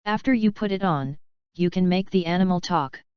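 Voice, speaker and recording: A woman's voice: lowish voice, moderate pace, smooth, no echo, close to an everyday voice. A woman voicing a cheerful, bossy young robot girl, with a scolding-then-chirpy delivery. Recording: dull lo-fi recording.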